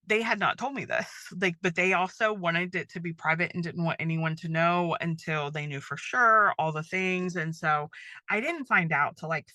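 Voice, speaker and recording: A woman's voice: fairly low pitch, sharp tone, dry recording. A middle-aged woman hosting a faith-based podcast, talking casually with lots of fillers and asides. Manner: chatty, many fillers like "um" and "like". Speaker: podcast host.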